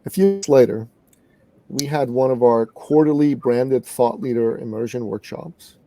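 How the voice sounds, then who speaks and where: A middle-aged man from Canada telling a story in an interview as a guest business coach, earnest and animated. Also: mid-range voice, moderate pace, no room sound, faint music behind.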